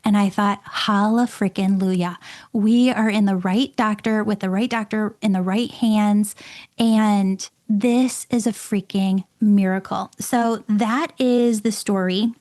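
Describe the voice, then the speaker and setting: A middle-aged woman hosting her own show, telling a personal story in an emphatic, excitable way and often repeating words. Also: mid-range voice, slow. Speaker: podcast host and medium.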